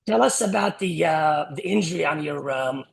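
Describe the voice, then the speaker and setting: Gravelly, higher-voiced male podcast host. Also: lively intonation, normal speed, slight background noise. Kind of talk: interview questions.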